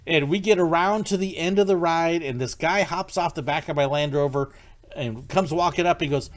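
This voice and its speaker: Chatty man, slightly high voice. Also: normal speed. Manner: rambling and chatty, with frequent ums and restarts; friendly, greets viewers by name. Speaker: livestream host answering viewer questions. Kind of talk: casual live-stream chat.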